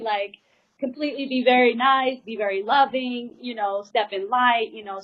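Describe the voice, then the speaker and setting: A woman drummer giving an earnest, emotional personal account, rambling with many fillers and pleading at times. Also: on the high side. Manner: rambling, full of "you know" and "like" fillers. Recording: slightly muffled lo-fi recording.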